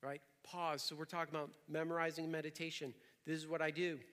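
Young adult man, pastor, energetic conversational sermon, bright tense voice, echoing church hall. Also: fairly high pitch, quick pace. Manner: energetic, conversational preaching with repetitions. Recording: reverberant hall.

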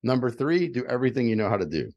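A man's voice: medium pitch, sing-song, rapid-fire, a little mellow, no echo, highs cut off. Earnest middle-aged man, dry close sound. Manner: earnest, candid, repeats phrases for emphasis; builds to emphatic, rising delivery when giving advice. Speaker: guest. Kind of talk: personal storytelling, motivational talk.

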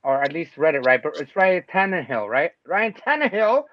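A man hosting a casual sports podcast, talking loosely and excitably, swearing freely and laughing often. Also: a little high, moderate pace. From Mexico. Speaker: podcast host. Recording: dull lo-fi sound, dry.

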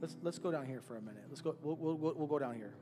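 A man's voice: fairly high pitch, quick pace, in a large hall, over music. A man, the church's pastor, praying earnestly and then honoring a departing member, fighting back tears. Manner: earnest, emotional, repeats phrases. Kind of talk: sermon prayer and farewell tribute. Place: church sanctuary.

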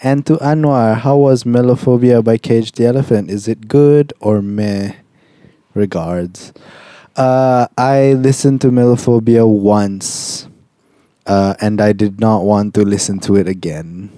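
A young man with a Malaysian English accent, co-hosting a podcast in relaxed, rambling casual chat that slips into Malay words. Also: on the low side, unhurried, dry recording, studio quality. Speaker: podcast co-host.

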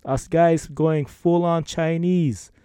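Laid-back Hawaiian Pidgin man, slow talk. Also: a little high, steady tone, warm tone, smooth, no room sound, studio quality. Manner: laid-back, laughs often, playful. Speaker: podcast host reading listener emails. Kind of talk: casual chat.

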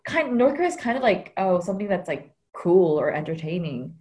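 A woman speaking as a guest in a relaxed interview, chatty and reflective. Her voice sits a little low, and she fills her pauses with lots of ums and likes. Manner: chatty, many fillers, reflective. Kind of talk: casual conversational interview.

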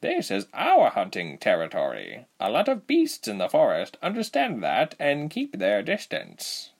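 A man voicing Saki, a non-human huntress who speaks slowly and formally in a calm, protective way. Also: on the low side, gravelly, heavily acted. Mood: reassuring.

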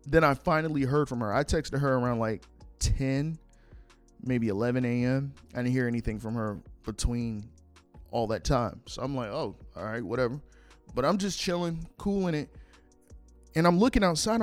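A young man hosting a podcast, telling a personal story casually, swearing and acting out what people said. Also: medium pitch. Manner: animated, swears freely, acts out quoted lines. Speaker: podcast host.

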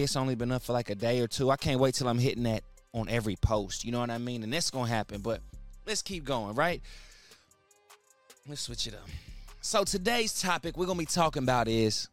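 A man's voice: medium pitch, no room sound. A man hosting his own podcast in casual, hyped talk, heavy on slang and repeating words for emphasis. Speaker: podcast host.

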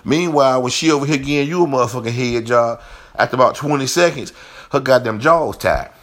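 A man's voice: medium pitch, fairly quick, fairly bright tone. A man telling a rambling, profane story in a casual monologue.

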